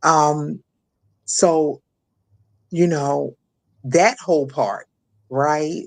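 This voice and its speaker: A woman's voice: deep voice, fairly even intonation. A middle-aged woman from Maryland speaking as an interview guest, telling a painful personal story with frequent restarts and fillers. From Maryland, USA. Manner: halting, many restarts and fillers. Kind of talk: emotional personal testimony.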